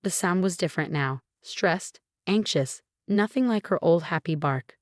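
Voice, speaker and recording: A woman narrating a first-person scripted story in a steady, measured way. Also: on the low side, dry recording, clean studio sound.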